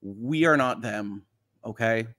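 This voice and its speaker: A man hosting a casual livestream, reading viewer comments aloud and answering them one by one. He sounds reassuring and jokes along the way, at a pitch in the middle of the male range. His loudness swings from soft asides to emphatic lines. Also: takes it slowly. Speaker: livestream host.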